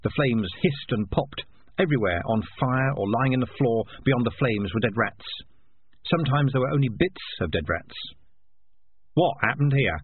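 Male audiobook narrator, measured expressive reading, husky voice, phone-like lo-fi sound. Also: medium pitch. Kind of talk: scripted narration.

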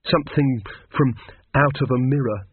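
A man reading aloud, voicing a frightened young woman who speaks in anxious, hushed tones. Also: mid-range voice, moderate pace, husky, natural voice. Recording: tinny phone-like dry sound.

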